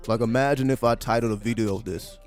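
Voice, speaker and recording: A man's voice: medium pitch, quick pace. A man giving casual livestream commentary, profane and sarcastic, firing off repeated rhetorical questions. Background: faint background music.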